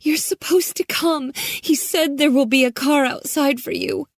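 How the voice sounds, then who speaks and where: A woman's voice: fairly even intonation, a little slow, no room sound, clean studio sound. A woman doing a terrified teenage girl. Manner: high, pleading, on the verge of tears.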